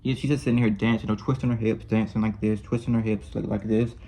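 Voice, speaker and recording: A man gives an unscripted film review in a warm, dark-toned voice with a husky edge. He gushes, loops back on his own phrases and corrects himself as he goes. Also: lowish voice, steady tone, quick pace. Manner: rambling and effusive, with many restarts and self-corrections. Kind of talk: casual film review monologue.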